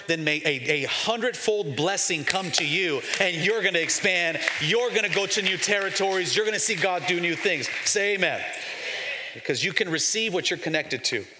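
A man's voice: high-pitched, background noise. A man in his forties, a pastor preaching to his congregation with emphatic call-and-response. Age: 40s. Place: large church sanctuary. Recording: long hall reverb, faint music underneath.

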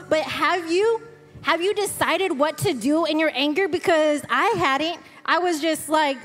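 A woman's voice: high voice, measured pace, fairly bright tone. A woman, a wife and mother, co-hosting a faith talk in a candid, self-deprecating, conversational way. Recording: long reverb with faint music behind.

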